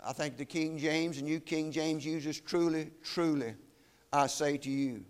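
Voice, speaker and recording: A man preaching a sermon, solemn and emphatic, slowing down to weigh key phrases. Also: on the high side, steady tone.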